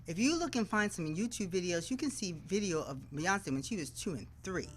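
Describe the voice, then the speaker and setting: Speaking a little fast with a fairly low pitch, a woman who works as a TV news anchor shares stories as a guest in a casual interview, animatedly voicing the people she quotes. There's a little hiss or hum on this low-quality recording.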